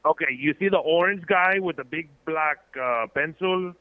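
A man's voice: a little high, moderate pace. A man calling in to a comedy stream, chatting in a laid-back way. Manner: laid-back, says bro. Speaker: caller. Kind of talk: casual call-in chat. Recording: tinny phone line.

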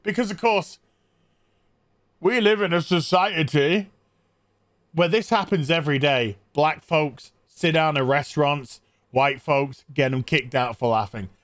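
A man's voice: on the high side, unhurried, dry recording, clean studio sound. A man hosting a podcast, recapping a movie comically in a mocking, incredulous tone. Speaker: podcast host.

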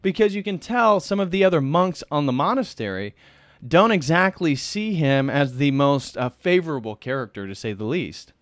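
A man's voice: a little high, big pitch swings, normal speed, fairly bright tone, no echo, studio quality. A man hosting a casual livestream film review, earnestly retelling the plot in detail. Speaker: film reviewer, channel host.

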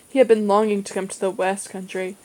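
A woman with a mellow, warm voice reads a children's novel aloud. Her delivery is steady and measured, with a middling pitch. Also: poor audio. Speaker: reader. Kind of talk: audiobook reading of a children's novel.

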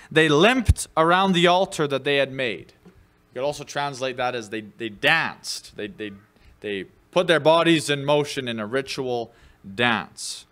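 A man preaching in a church, speaking slowly and deliberately. His pitch sits in a middle range, and he teaches in a relaxed, conversational way with many fillers. When he reads quoted scripture he rises and speaks louder. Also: clear, resonant tone. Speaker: pastor. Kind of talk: sermon.

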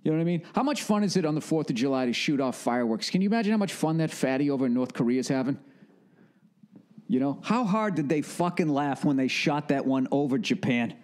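A man's voice: on the high side, expressive, fast, darkish tone. Profane ranting man with a Boston accent. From northern United States. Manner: ranting, profane, laughs often, acts out quoted voices. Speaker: podcast host. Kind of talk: casual comedic monologue. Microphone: studio podcast mic.

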